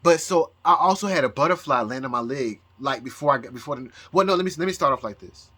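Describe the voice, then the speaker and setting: A man talking to his channel in a rambling personal monologue, halting and full of restarts, close to tears. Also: medium pitch, expressive, a bit bright, husky. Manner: halting, with many repeated words and restarts. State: emotional, near tears. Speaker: astrology YouTuber.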